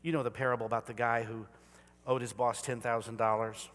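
Male pastor preaching in a big echoey church, bright voice, goes from whispering to shouting. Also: medium pitch, level tone, a little fast. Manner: swings from hushed whispers to loud exclaiming. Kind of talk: sermon. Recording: reverberant church hall.

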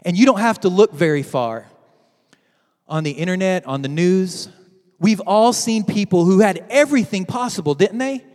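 A man preaching a sermon to his church, dramatic and swinging from loud to hushed. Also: high-pitched, expressive, normal speed, long reverb tail. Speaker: pastor.

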